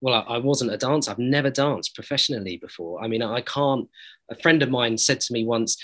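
A man's voice: medium pitch, a little fast, a bit bright, poor audio. A man, an actor being interviewed, giving earnest, reflective answers full of hesitations and restarts. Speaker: actor interviewed about a series.

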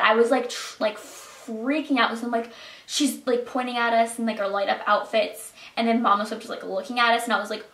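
A teenage girl telling a storytime vlog in an excitable, chatty way with lots of fillers. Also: on the high side, moderate pace, creaky. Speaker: vlogger. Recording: echoey room.

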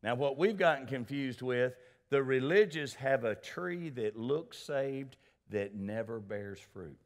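A male pastor preaching a sermon in a church sanctuary, animated, calling for responses and addressing people by name. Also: medium pitch, a little slow.

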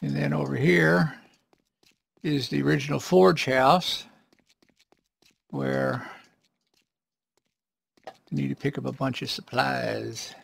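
A man giving casual, rambling commentary while playing a survival game, often clearing his throat. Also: mid-range voice, fairly even intonation, slow, long pauses. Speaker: let's play gamer.

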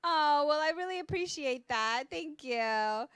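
A woman's voice: high voice, expressive, measured pace, fairly bright tone, dry recording, clean studio sound. A woman hosting a live call-in show, chatting casually with callers and laughing often.

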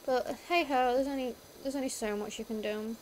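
A woman's voice: sits high, steady tone, a little fast, a little mellow, a little hiss or hum. A young British woman streaming a game, rambling through school stories in a chatty way, full of "like" fillers. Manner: rambling storytelling with many "like" fillers. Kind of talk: casual chat while gaming.

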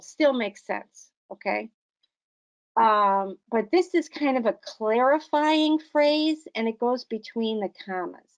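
A woman's voice: a little high, fairly bright tone, dull audio. A woman tutoring adult learners on comma use, patient and encouraging, explaining step by step. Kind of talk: online grammar lesson.

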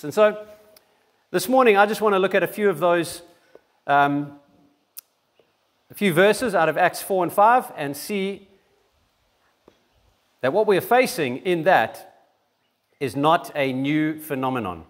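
A man's voice: on the high side, expressive, a little slow, pauses often. A man preaching a sermon in church and giving announcements, talking conversationally with frequent restarts. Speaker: pastor.

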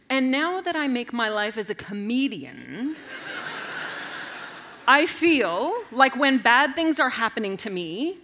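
A woman in her forties telling comedic stories on stage, animated and self-mocking, jumping into loud character voices. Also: a little high, slow, slight background noise. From Canada. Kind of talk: stand-up storytelling talk. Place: stage at a live event.

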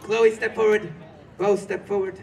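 A showy Hollywood emcee. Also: male voice, sits high, little pitch movement, moderate pace, vocal fry. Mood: teasing. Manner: teasing, theatrical, shouts to the crowd. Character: showy male 1920s Hollywood emcee, teasing. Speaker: game show host. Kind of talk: live street comedy show. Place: outdoor theme park street. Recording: distant, loud crowd and noise.

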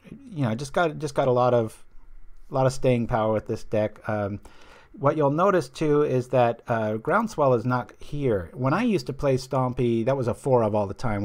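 A man's voice: mid-range voice, darkish tone. A man hosting a stream, chatting casually and rambling as he plays a card game and reads viewer comments aloud. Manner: chatty, rambling, loses his train of thought. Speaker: stream host.

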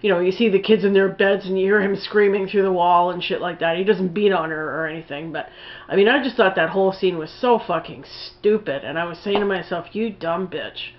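A woman talks through a film review in a loose, rambling way, full of fillers and blunt swearing. Her voice sits at an ordinary middle pitch. The recording sounds a little dull and lo-fi. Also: fairly quick. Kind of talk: casual spoken film review.

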